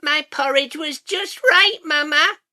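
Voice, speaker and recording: A man voicing a baby bear cub in a high, slow, childish squeak. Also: bright, forceful tone, full character voice. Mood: whiny.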